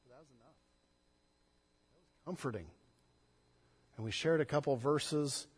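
A man, a pastor, preaching a sermon, swinging between loud emphatic stress and soft, hushed passages. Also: on the high side, normal speed, slightly rough, long reverb tail.

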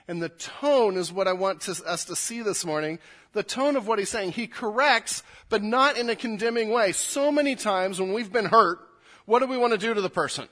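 Male pastor preaching with swings in volume. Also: a little fast. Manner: swings between soft low asides and loud emphatic reading. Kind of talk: sermon.

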